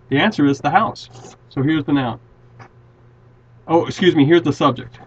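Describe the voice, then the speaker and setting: A man's voice: fairly high pitch, normal speed, breathy edge. A man teaching a grammar lesson, patiently walking through example sentences and often restarting his words. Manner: patient, repeats and restarts words while explaining. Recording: dull lo-fi classroom recording.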